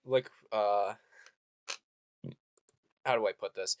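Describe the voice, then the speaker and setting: Low-voiced male game master. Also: steady tone, clean tone, dry recording. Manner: loose and halting, many fillers. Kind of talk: running a tabletop game.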